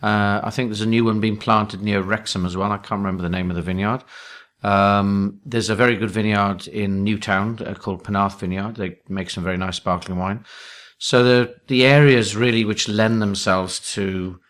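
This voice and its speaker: A man from West Wales with a mild Welsh accent, answering interview questions in a relaxed, informative way. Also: lowish voice, moderate pace. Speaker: vineyard owner guest. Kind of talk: casual interview.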